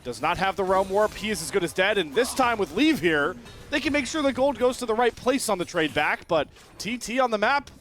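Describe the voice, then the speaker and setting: A man giving excitable play-by-play commentary on an esports match. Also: high voice, soft background music. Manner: excitable, quick shifts in energy. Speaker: esports caster.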